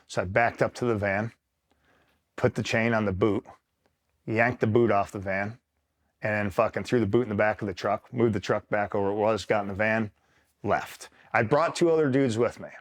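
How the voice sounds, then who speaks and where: A man's voice: on the low side, moderate pace. A man from upstate New York, a retired Marine, telling a rambling war-buddy story in a casual, profane way and checking in with the listener often. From upstate New York, USA. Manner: rambling, swears freely, keeps checking in with the listener. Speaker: retired Marine, interview guest.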